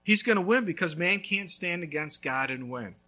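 A male pastor preaching a sermon, telling a story with lively swings between loud and hushed. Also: high voice, moderate pace.

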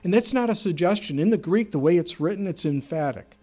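A middle-aged man preaching a sermon as a pastor, earnest, rising sharply in pitch and loudness when he stresses a point. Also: animated, a little fast.

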